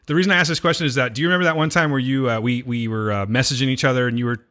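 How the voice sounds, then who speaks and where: Bright chatty podcast host man. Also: mid-range voice, fairly even intonation, racing. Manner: chatty storyteller, laughs often. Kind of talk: casual chat.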